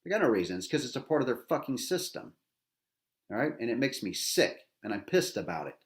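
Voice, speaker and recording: A man's voice: medium pitch, very animated, a little fast. A middle-aged man, a veteran host, angry and agitated, delivering a bitter, profane rant full of repetition and rhetorical "right?" tags.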